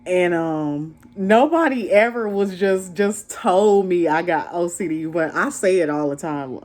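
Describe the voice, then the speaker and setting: A young woman vlogger casually recounting a date in an animated, slangy way, laughing as she tells it. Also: lowish voice, slow pace. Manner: animated, slangy, laughs while telling the story. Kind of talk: casual storytime chat.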